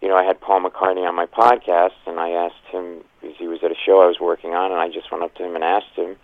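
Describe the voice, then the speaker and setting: A man's voice: sits low, level tone, no echo, narrow, tinny audio. A man in his fifties, a comedian, telling stories in an interview and acting out the voices of people in them. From Providence, Rhode Island. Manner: fast anecdotal storytelling with acted-out quotes and laughs. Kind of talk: animated storytelling interview.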